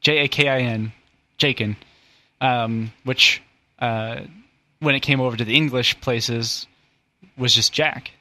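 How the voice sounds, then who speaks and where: Bright-voiced joking man. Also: mid-range voice, steady tone, takes it slowly, pauses often, dry recording. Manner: joking, rambling explainer. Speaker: podcast host. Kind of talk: casual comedic chat.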